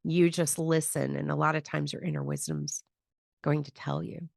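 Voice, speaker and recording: A woman hosts a podcast in a low voice with a gravelly, fry-laden texture. She explains things in a calm, reflective way. The sound is dry and close to the mic. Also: normal speed, dry recording. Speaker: podcast host and grief teacher. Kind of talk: conversational podcast teaching.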